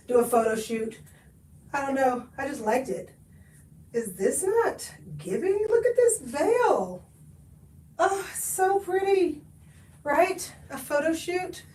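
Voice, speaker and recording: Woman, thirties, animated thrift livestream chat, high voice, a bit far from the mic. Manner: animated, chatty, calls viewers honey. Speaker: thrift haul livestream host.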